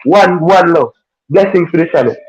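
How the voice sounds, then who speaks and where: A man with a Jamaican accent giving a loud, hyped shout-out on a live stream, repeating chanted phrases. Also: a little high, moderate pace, low-quality recording. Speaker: stream guest.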